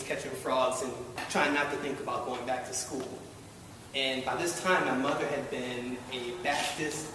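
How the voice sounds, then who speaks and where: A man telling a wry, self-deprecating personal story live to an audience that laughs along. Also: medium pitch. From Baltimore. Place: live event hall with audience. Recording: echoey hall, distant mic, noisy.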